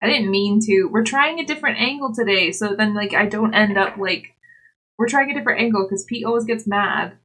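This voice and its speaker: A woman's voice: mid-range voice, brisk, a bit bright. A young woman chatting casually with her live chat while knitting, giggly and talkative. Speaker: livestreamer.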